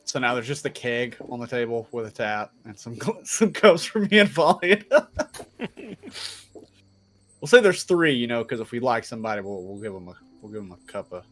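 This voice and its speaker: A male player at a tabletop game who chats in a joking way. His voice is bright and tense, and his pitch jumps around. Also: very animated, fast, hardly any pauses. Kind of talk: casual tabletop game chat.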